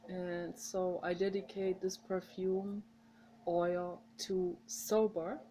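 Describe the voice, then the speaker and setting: A woman's voice: fairly low pitch, little pitch movement, slow pace, dark tone, slight background noise, poor audio. A woman with a mother tongue, talking straight to her viewers in a rambling, heartfelt, encouraging way. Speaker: vlogger. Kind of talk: casual direct-to-camera monologue.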